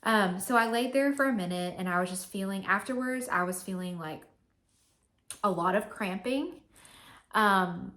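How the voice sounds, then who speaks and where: A woman's voice: mid-range voice, moderate pace, fairly bright tone. A young woman vlogging to camera, telling a personal story in a chatty, candid way with many fillers.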